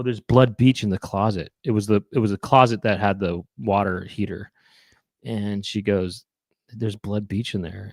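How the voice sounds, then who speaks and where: Man, lowish voice, dry close sound, rambling casual chat host. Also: no room sound. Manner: meandering, trailing off with "you know" and "um".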